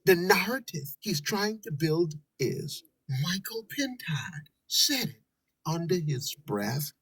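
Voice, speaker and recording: A woman's voice: lowish voice, a bit bright, slightly rough, no echo, low-quality recording. A Bahamian woman giving scornful, preachy commentary over video clips. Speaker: political commentator.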